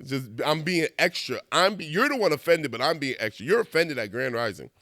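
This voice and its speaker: Man, conversational monologue host, lively pitch, dry booth-like sound. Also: brisk, dry recording. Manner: animated, conversational, laughs at himself, slangy asides. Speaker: video essayist. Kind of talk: casual monologue.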